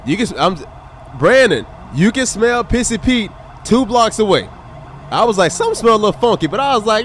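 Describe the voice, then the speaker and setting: A male streamer with a high, bouncy voice that swings all over as he reacts. He plays a highway patrol officer in a game and chats loosely with his audience. Faint game noise hums behind him. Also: a little fast. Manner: animated, exclaiming, talks to chat and game characters. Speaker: streamer role-playing a state trooper. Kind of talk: casual live-stream gameplay chat.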